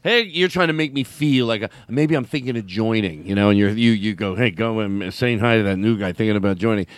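A man hosting a podcast from a studio, rambling and joking in casual banter, often jumping high in pitch when he laughs. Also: brisk, no echo. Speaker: podcast host.

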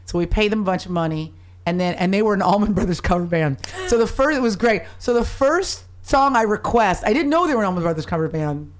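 A woman guest on a talk show, tipsy and with her voice worn from singing, telling stories in a lively way and swearing casually. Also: mid-range voice, fast. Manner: animated storyteller, swearing. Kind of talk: casual chat.

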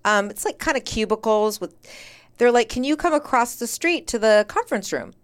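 A woman with a smooth, clear voice tells a story in casual chat. She talks animatedly and slips into the voices of the people she quotes. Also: fairly high pitch, moderate pace. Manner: animated, acts out quoted dialogue, many "like" fillers. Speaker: podcast guest.

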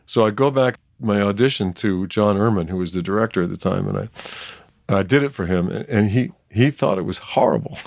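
Older man, low voice, Southern accent. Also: fairly quick, creaky, no room sound, studio quality. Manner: animated anecdotal storyteller who laughs often. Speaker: actor guest. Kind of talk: casual interview storytelling.

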